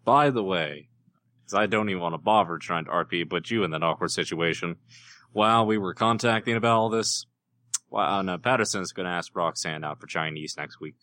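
Deep voiced guy playing a tabletop game, crisp bright tone, jokey. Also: a little fast, no room sound, studio quality. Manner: playful, laughs at his own jokes. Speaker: player. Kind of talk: casual chat during a tabletop game.

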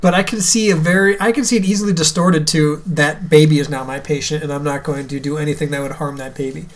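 A man's voice: fairly high pitch, fairly even intonation, fast. A man co-hosting a podcast in casual chat, joking and laughing often. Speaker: podcast co-host.

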